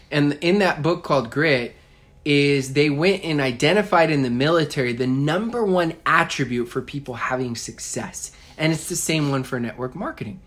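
A man co-hosting a podcast, speaking emphatically and turning to motivational advice, with excited peaks. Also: mid-range voice. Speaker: podcast co-host, network marketing speaker.

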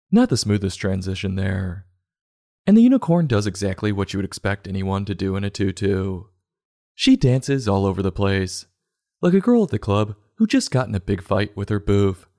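A low-voiced man gives a storybook a sarcastic roast. His delivery is deadpan yet bouncy, with lots of rise and fall. His asides are irreverent. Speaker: comedic book reader.

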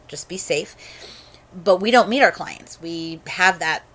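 A woman's voice: fairly low pitch, a little slow, fairly bright tone. A woman who works as a phone sex operator, telling stories from her job in a frank, matter-of-fact conversational way. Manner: frank and matter-of-fact, with many fillers and restarts. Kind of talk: candid conversational storytelling.

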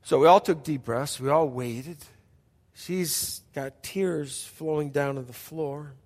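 Middle-aged pastor preaching in a hall. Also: male voice, fairly high pitch. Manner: emphatic, repetitive, dramatic pauses and hushed passages. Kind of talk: sermon storytelling. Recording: long hall reverb.

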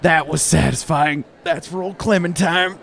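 A man's voice: a little high, moderate pace, vocal fry, fairly bright tone, voice pushed up. A man voicing a cocky gunman facing down the sheriff, speaking in a smug drawl while running a tabletop game.

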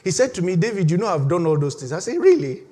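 A man preaching a sermon as pastor, animated, laughing often and leading the congregation in reading together. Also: high voice, racing. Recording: long hall reverb.

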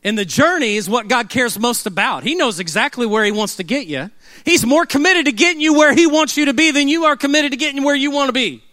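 Middle-aged pastor, man, high voice, dry close sound, chatty storytelling sermon with humor. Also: animated, a little fast, sharp tone, no room sound. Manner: conversational, humorous storytelling with call-and-response.

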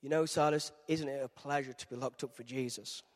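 A man voicing a calm, upbeat adult male apostle who speaks gently and encouragingly. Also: a little high, brisk, in a large hall, close to an everyday voice.

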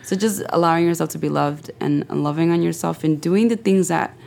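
Young woman guest, slightly low voice, animated and heartfelt, casual faith talk. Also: fairly quick, gravelly. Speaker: podcast guest. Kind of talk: faith-filled casual chat.

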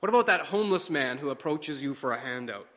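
A man's voice: on the high side, lively intonation, sharp tone. Earnest male preacher in a reverberant hall. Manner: measured, earnest delivery with slow emphatic phrases. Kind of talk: sermon.

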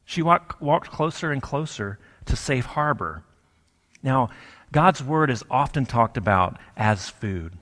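A man giving a sermon in a conversational, storytelling way, with pauses for effect. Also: medium pitch, fairly bright tone. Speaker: pastor. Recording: long hall reverb.

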